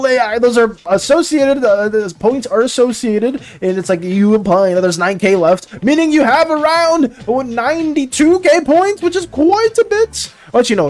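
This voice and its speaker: Lively streamer chatting over faint music. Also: medium pitch. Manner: animated, greets chat by name, rambling restarts. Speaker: livestream artist chatting with viewers. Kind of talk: casual stream chat while drawing.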